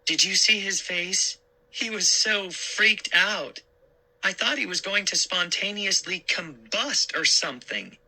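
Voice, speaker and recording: A man's voice: high-pitched, lively intonation, a little slow, sharp tone, pitched above the performer's own voice, heavily acted, poor audio. A man voicing a young girl who teases her cousin dryly in a spooky storybook reading. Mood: teasing. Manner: dry, teasing.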